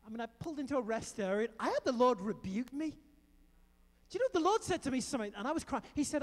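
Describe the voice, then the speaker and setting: A middle-aged man preaching a sermon, telling stories in an animated way with emphatic bursts. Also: very high-pitched, fairly quick. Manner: animated storytelling with emphatic outbursts. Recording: long reverb of a large hall.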